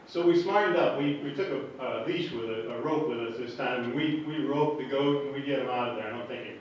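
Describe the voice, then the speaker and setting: A man in his forties telling a personal story on stage, halting and nervous, chuckling between lines. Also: mid-range voice, dull audio. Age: 40s. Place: hall with a live audience. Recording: echoey room, distant mic, background noise.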